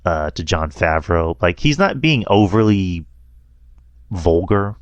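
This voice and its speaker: A man's voice: sits low, big pitch swings, takes it slowly, no room sound, highs cut off. A man hosting a casual movie review chat, rambling and laughing often. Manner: rambling, laughs often, quotes lines in a mocking voice. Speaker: podcast host.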